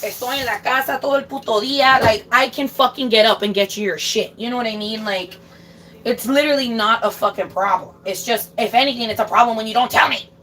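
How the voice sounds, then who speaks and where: A woman's voice: a little high, fast talker, fairly bright tone. A young woman chatting casually while doing dishes at home, swearing freely and dropping in Spanish phrases. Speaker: streamer. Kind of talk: casual chat while cooking. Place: home kitchen.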